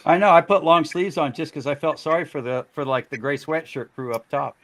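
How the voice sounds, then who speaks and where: A man chats on a casual livestream, teasing his friends and laughing often. His voice sits slightly high. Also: fairly quick, fairly bright tone, a little hiss or hum. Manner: laughing, good-humoured ribbing.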